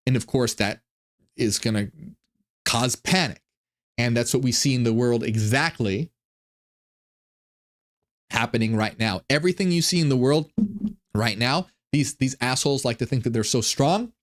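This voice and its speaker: A man's voice: mid-range voice, moderate pace, long pauses. A man hosting a channel, giving a rambling, profane monologue with many restarts. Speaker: channel host. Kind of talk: monologue commentary on ancient texts.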